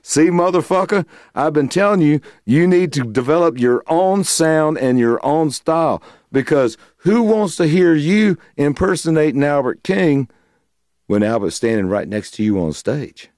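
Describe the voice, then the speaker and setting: A man's voice: fairly high pitch, animated, measured pace, no room sound, studio quality, voice pushed up. A man putting on the voice of a brash older bandleader who teases and swears, in a story he is telling. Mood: teasing. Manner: loud, swearing, laughing.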